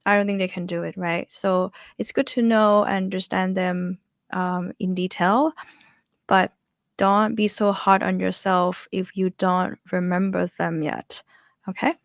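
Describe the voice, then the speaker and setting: Slow-talking woman with a Thai accent. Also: on the low side, level tone, creaky, dry recording, clean studio sound. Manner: chatty, demonstrates tones with sung syllables. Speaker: language teacher. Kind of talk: casual online lesson.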